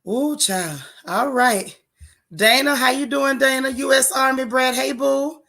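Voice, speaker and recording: An unhurried woman with a voice that sits high and a sharp tone chats with viewers on her live stream, greeting them by name. This gossip host is out of breath, loose and talkative, using Southern-tinged African American vernacular with frequent "child" and "y'all."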